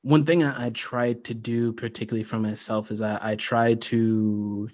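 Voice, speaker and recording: On a livestream, a US-born creator talks casually about his fantasy world in a mid-range voice at a moderate pace. He rambles easily, with many "like"s and frequent laughter, and there's no room sound.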